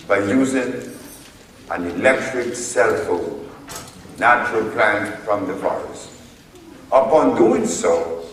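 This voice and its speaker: Slow-talking man in an echoey hall. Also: mid-range voice, distant mic, a little hiss or hum. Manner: slow, deliberate, recounts courtroom exchanges. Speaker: speaker addressing an audience. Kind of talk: storytelling lecture.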